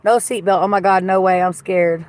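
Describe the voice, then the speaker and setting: A woman's voice: mid-range voice, fairly even intonation, moderate pace, a little mellow, a little hiss or hum. A woman hosting a casual livestream from a car on a phone, chatting bluntly, swearing freely and gossiping while she reads viewer comments. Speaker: livestream host. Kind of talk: casual live-stream chat reading comments. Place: inside a car.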